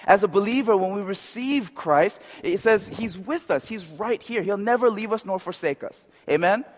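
A man's voice: high voice, lively intonation, moderate pace, in a large hall, a little hiss or hum. A man preaching a sermon in a conversational way, often checking with the crowd. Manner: conversational, asks the crowd "right?".

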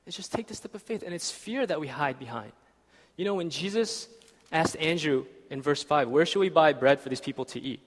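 Young guy giving a laid-back sermon, kinda high voice, long echo in a church hall. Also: animated, fairly quick. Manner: conversational, asks "right?" often. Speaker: preacher.

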